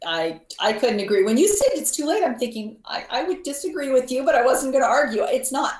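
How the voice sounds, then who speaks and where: A woman's voice: high voice, lively intonation, a little fast. A woman guest on a health talk show, earnestly explaining health points. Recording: roomy echo.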